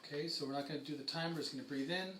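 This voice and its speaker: A man teaching a kundalini yoga and breathing class, calmly guiding students with casual fillers. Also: a little high, slight background noise. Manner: calm, slow guiding chant with many fillers. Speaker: yoga instructor. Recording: echoey room with faint ambience.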